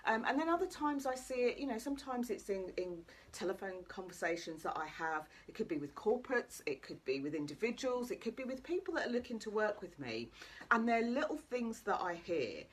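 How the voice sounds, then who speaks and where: A woman's voice: fairly high pitch, very animated, a little fast, husky. A woman, a life coach, chatting cheekily and directly to viewers live on camera. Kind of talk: live motivational talk to viewers.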